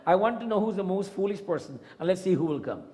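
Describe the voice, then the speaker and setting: A man's voice: high voice, expressive, fast, dark tone, long reverb tail. A man voicing a proud old king who is fed up with fools, in a commanding, impatient tone.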